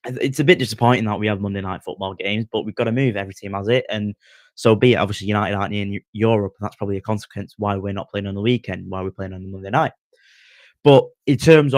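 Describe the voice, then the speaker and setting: A man hosts a live-streamed football preview, talking in a rambling, chatty way that keeps doubling back on itself. His voice sits a touch low. The sound is dry, with no room echo. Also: a little mellow. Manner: rambling, chatty, often restarts mid-sentence. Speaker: podcast host.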